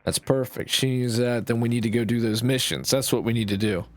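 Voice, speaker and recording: A man's voice: medium pitch, a little fast. A man with a Canadian accent and a nasal-sounding voice, rambling and swearing casually through gameplay commentary as a streamer. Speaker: game streamer.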